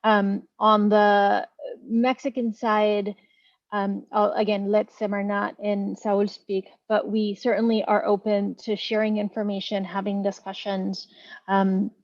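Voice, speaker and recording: Flat-voiced woman presenting on a call. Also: medium pitch, creaky, no room sound, dull audio. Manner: steady, informative, with fillers. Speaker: EPA staff presenter. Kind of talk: online meeting presentation. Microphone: video call.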